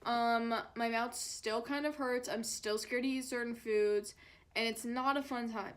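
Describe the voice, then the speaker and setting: A young woman vlogger recounts her story in a chatty, dramatic style, peppering it with fillers. Her voice sits a little high, and she often drops into a lower, heavier tone for effect. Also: steady tone, measured pace. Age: young adult. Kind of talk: storytime vlog.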